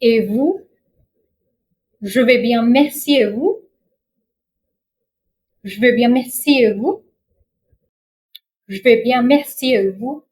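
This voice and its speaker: Woman, language teacher, slow deliberate delivery, repeats phrases for learners, a little high-pitched. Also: darkish tone, low-quality recording. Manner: careful, repeats each phrase slowly for learners. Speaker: French teacher.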